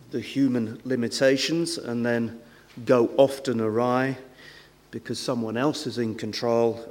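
A man preaching a sermon in a church, conversational, with rhetorical questions and frequent hesitations. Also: mid-range voice. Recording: long hall reverb.

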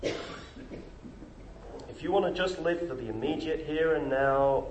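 A man's voice: slow, long pauses. A middle-aged man preaching a sermon, emphatic and full of rhetorical questions. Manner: emphatic, rhetorical questions, lively pitch swings. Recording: echoey room with faint noise.

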